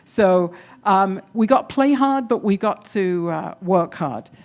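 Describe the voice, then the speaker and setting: In a mid-range, darkish voice, a woman with an English accent speaks slowly and expressively as the keynote presenter at a demo day. She's upbeat and encouraging, talking energetically and chatting with the live audience.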